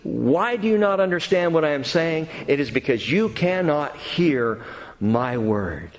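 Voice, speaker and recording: A man preaching a sermon as a pastor, animated, climbing to near-shouts and dropping to quiet asides. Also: fairly high pitch, unhurried. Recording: long hall reverb.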